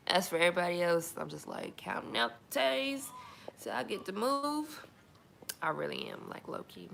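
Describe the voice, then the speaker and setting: A woman's voice: mid-range voice, lively intonation, measured pace, creaky, a bit bright, a little hiss or hum. A young woman, chatting candidly and emphatically to camera as a single mom. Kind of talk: casual chat to camera.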